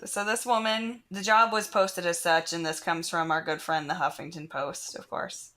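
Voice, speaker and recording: A woman's voice: lowish voice, steady tone, moderate pace, pushed and bright. A young woman co-hosting a podcast, telling stories in loose, giggly, profane chat. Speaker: podcast co-host. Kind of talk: casual chat.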